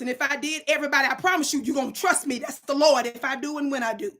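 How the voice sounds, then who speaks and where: A woman's voice: high-pitched, fairly even intonation, quick pace, a bit bright. A woman hosting her own online show, talking to her live chat in an emphatic, preacher-like way and scolding commenters.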